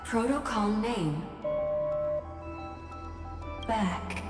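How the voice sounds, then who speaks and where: A robotic security system with a clipped, mechanical delivery. Each word echoes in a roomy hall. Game music plays clearly underneath. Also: female voice, medium pitch, drawn-out words. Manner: flat, clipped, mechanical announcements. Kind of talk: game cutscene voice acting.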